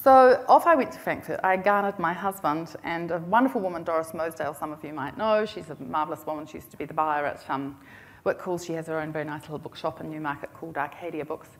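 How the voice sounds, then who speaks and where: A middle-aged woman with a New Zealand accent tells her story to a conference audience in a slightly low voice. She talks in a chatty, anecdotal way, poking gentle fun at herself as she goes. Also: fast talker. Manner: chatty, self-deprecating, humorous. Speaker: conference speaker. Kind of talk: storytelling business talk.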